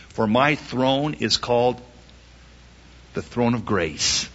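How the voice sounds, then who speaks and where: Man preaching, slow and emphatic, voice jumps all over, kinda husky. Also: sharp tone. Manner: emphatic preaching, rhetorical questions and sudden pitch swings. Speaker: pastor. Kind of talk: sermon. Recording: dull lo-fi recording.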